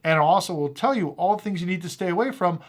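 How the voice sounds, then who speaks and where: A man's voice: high-pitched, fast. A man who deals cars, casually telling a story to the camera and acting out both sides of the conversations. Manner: animated anecdotal, acts out both sides of conversations. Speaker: car dealer and channel host.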